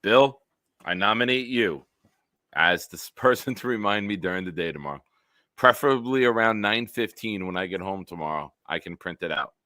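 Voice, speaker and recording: A man's voice: lowish voice, lively intonation, normal speed, bright, forceful tone, no echo, clean studio sound. A man hosting a casual sports talk livestream, joking and rambling and hyping up his chat. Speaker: host.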